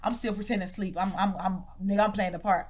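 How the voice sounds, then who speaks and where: A woman co-hosting a podcast tells a story in fast, casual, profane chat with a mid-range voice. She's animated, acting out people's voices, laughing hard and dropping to whispers.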